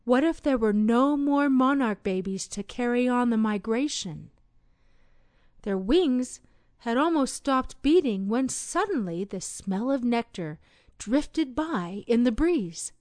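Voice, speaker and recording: A woman narrating a children's read-along storybook in an expressive, sing-song storytelling manner. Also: a little high, takes it slowly, dry recording.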